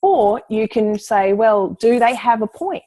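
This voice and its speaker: A woman's voice: on the high side, animated, unhurried, mellow, low-quality recording. A woman guest in an interview, a coach explaining her ideas in a direct, confident way. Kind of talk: casual conversational interview.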